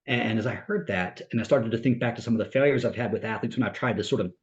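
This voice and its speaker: A man's voice: lowish voice, fast talker, roomy sound, highs cut off. A man who is a mental performance coach, speaking reflectively on a podcast and telling a story with many fillers and restarts. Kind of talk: podcast discussion, long explanation.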